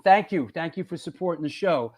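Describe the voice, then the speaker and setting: A man's voice: on the high side, expressive, fairly quick, darkish tone. A man hosting a live-streamed interview show, reacting with enthusiasm and reading out viewer messages.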